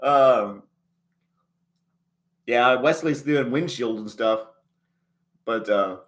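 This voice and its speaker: A man hosting a casual livestream chat, rambling in a folksy way and chuckling often, a little choked up and clearing his throat. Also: mid-range voice, extremely slow. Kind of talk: casual chat reading a live chat.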